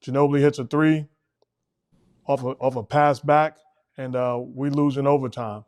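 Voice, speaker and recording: A man's voice: mid-range voice, steady tone, moderate pace, darkish tone. A middle-aged man hosting a casual basketball talk show, speaking emphatically and repeating words when he presses a point. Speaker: host, former coach.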